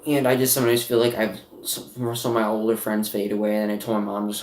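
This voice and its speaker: A teenage boy vlogging from his bedroom, talking haltingly with many fillers and restarts, sniffly and emotional. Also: lowish voice, little pitch movement, darkish tone. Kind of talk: personal confessional vlog. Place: bedroom at home. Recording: roomy, from some distance.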